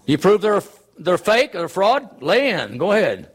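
A man's voice: high-pitched, very animated, measured pace, slightly rough. A man preaching a sermon, earnest and emphatic, driving his points home with rhetorical questions.

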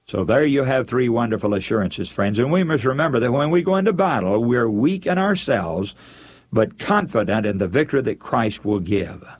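A man preaching an earnest, measured sermon, building emphasis with rising phrases. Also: medium pitch, animated.

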